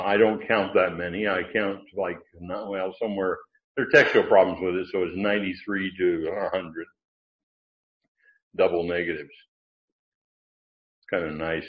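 A very low-pitched man leads a casual Bible class, thinking aloud as he goes and circling back on his phrasing. The recording is muffled and lo-fi. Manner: conversational, thinking aloud with fillers and restarts. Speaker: Bible teacher. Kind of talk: informal Bible lesson. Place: class with online listeners.

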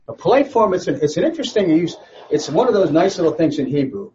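A man's voice: a little high, very animated, quick pace, darkish tone, a little hiss or hum. A man teaching a Bible study in a conversational, rambling way, often restarting his sentences. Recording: slightly dull lo-fi recording.

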